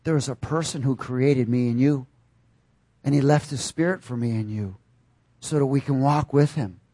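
This is an animated sermon from a male preacher who poses questions to his listeners and bursts out loudly at times. His pitch is medium, his speed normal, and the recording dry.

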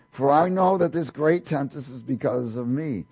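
A man's voice: a little slow, darkish tone, slightly rough. A man preaching a sermon, reading scripture aloud and explaining it, often lifting his voice for the quoted lines. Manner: reads scripture aloud, rising in pitch for quoted speakers, with light laughs.

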